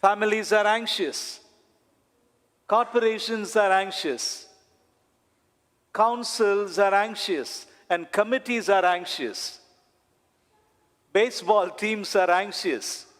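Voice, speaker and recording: A man, a priest, preaching a sermon slowly and deliberately, with dramatic pauses and repetition. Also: sits high, a bit bright. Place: church. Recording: long church reverb.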